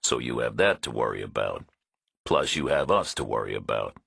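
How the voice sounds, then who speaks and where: A tough, blunt male hero speaks in a flat, matter-of-fact way, voiced by a male narrator. His voice is extremely deep and husky. The sound is dry and close-miked. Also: moderate pace, no room sound, full character voice. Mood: threatening. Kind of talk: audiobook character voice.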